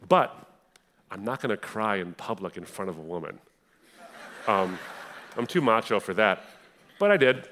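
A young adult man from the Middle East giving a passionate personal testimony in a sermon style, moving between hushed and fiery delivery. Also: fairly low pitch, very animated, normal speed, long pauses, slight background noise.

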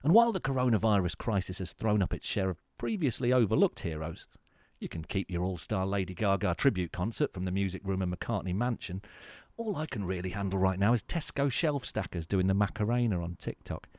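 A man hosting a spoof hospital radio show, delivering a sarcastic comic monologue with deadpan mock-grand phrasing. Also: deep voice, a little fast, dry recording. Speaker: host of a comedy radio show.

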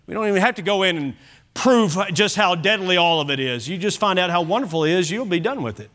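A man's voice: high voice, expressive, quick pace, fairly bright tone. A man preaching an evening sermon as pastor, emphatic and repeating key phrases. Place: church service.

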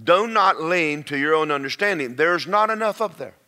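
Bright-voiced preacher. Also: male voice, on the high side, animated, moderate pace. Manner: conversational preaching with storytelling and repetition. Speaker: pastor. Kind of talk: sermon.

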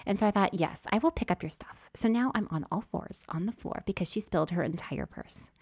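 A woman co-hosting a podcast, telling a story in a casual, animated way and acting out what people said. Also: mid-range voice, brisk, husky. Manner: animated, acts out voices, laughs often. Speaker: podcast co-host.

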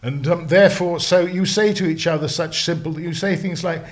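A man who is a slang lexicographer, talking in a casual podcast discussion, animated and digressive, with frequent restarts. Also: fairly high pitch, moderate pace.

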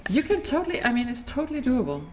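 A woman's voice: high-pitched, big pitch swings, fast, a crowd in the background. A woman entrepreneur chatting candidly as a guest in an interview, often laughing as she talks. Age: adult, married. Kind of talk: casual interview chat.

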